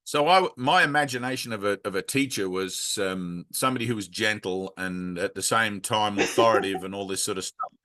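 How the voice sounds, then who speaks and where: Blunt, bright-voiced man. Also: on the low side, brisk, few pauses. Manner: blunt and frank, swears freely, rambling with many asides. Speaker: spiritual teacher leading a satsang. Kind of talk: casual spiritual talk.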